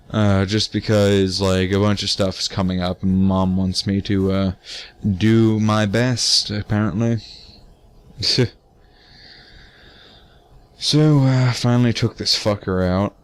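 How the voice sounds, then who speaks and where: A man's voice: lowish voice, smooth. A teenage man giving casual gameplay commentary, tired, rambling with many fillers and restarts and casual swearing. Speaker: let's play gamer.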